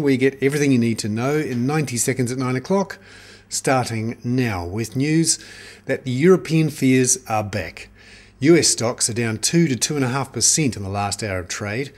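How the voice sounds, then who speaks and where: A man presenting a scripted financial news briefing, reading figures in a brisk, crisp delivery. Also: mid-range voice. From New Zealand.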